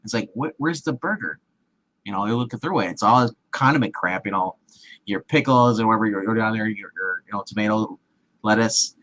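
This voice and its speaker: A man's voice: lowish voice, brisk, fairly bright tone, rough recording. A man casually retelling a film scene with many restarts and acted-out quotes, as a movie show co-host. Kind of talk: casual movie recap chat.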